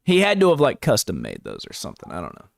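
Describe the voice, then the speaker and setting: A man's voice: on the low side, wildly swooping pitch, fast talker, vocal fry, no room sound. Rambling man chatting in a dry room. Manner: rambling, filler-heavy, chuckling asides. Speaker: TV episode recap streamer. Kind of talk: casual live-stream recap commentary.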